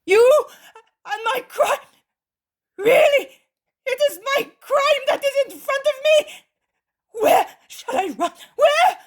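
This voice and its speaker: A woman's voice: animated, slow pace, pauses often, exaggerated voice. A woman voicing a terrified, guilt-stricken man who cries out frantically for mercy in an audiobook. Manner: shrill, frantic crying shouts.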